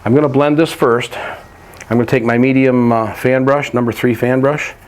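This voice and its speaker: A man teaching a painting lesson, walking through each step in a relaxed, practical way while he works. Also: mid-range voice, normal speed. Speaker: painting instructor.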